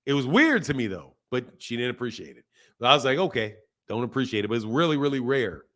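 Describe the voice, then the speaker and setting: A man hosting a boxing livestream, talking in a slangy, animated way and laughing often while reading out viewer messages. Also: mid-range voice, quick pace. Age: adult, a father. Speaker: boxing channel host. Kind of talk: casual livestream chat.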